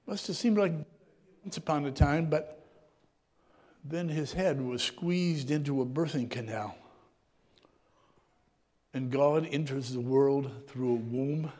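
A man reading scripture and preaching a reflective sermon, often clearing his throat, his voice sometimes dropping low and soft. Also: takes it slowly, long pauses, long reverb tail.

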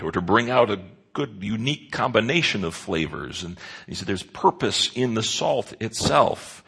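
A man's voice: lowish voice, creaky, a bit bright, breathy edge. A man preaching a sermon in an earnest way, stressing key words with rises and drops. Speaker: pastor.

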